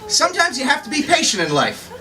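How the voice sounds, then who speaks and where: A man's voice: extremely high pitch, wildly swooping pitch, quick pace, background noise, heavily acted. A man playing a grown-up Tiny Tim as a brash, self-promoting stand-up comic who tells hammy, corny punchlines. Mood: boastful. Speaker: stand-up comedian. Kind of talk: live character stand-up. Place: bookstore, indoors. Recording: far-off live room with loud crowd.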